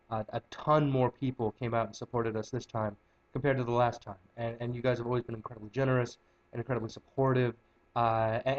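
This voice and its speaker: A man's voice: medium pitch, highs cut off. A man hosting a casual comedy livestream, joking and rambling as the wine kicks in. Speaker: comedy web show host.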